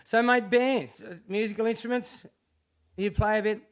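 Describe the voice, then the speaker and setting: Friendly male interviewer, slightly high pitch, casual. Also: steady tone, clean tone. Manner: affable, quick agreeing backchannel. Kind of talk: casual chat.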